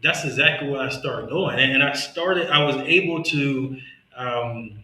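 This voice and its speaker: A man's voice: mid-range voice, unhurried, pushed and bright, echoey room, rough recording. A man from Mississippi with a Southern accent and a slight lisp, hosting a podcast in earnest, motivational casual conversation. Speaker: podcast host.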